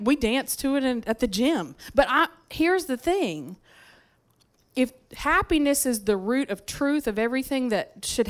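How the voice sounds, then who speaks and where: A woman delivers a sermon in a church, talking to the congregation like friends. Her voice is smooth and clear and sits a little high. She tells personal stories with lively asides. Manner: conversational, lively storytelling with frequent asides. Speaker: preacher. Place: church sanctuary.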